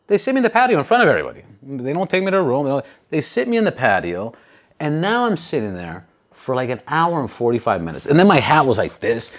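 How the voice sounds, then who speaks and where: Animated, cursing male storyteller. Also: medium pitch, fast. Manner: animated, acts out other people's lines, swears freely. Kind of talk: casual storytelling.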